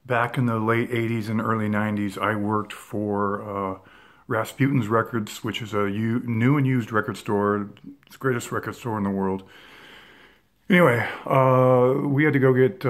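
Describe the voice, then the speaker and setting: A man in his fifties telling a rambling personal story with many fillers and restarts. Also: fairly low pitch. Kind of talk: casual anecdote.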